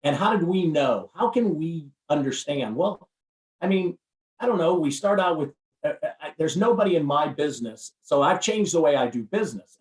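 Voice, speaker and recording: A man speaking as a podcast guest, giving an energetic, emphatic motivational talk with lots of repetition. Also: fairly high pitch, far from the mic. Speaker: guest, recruiting firm CEO and speaker. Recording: roomy, off-mic sound.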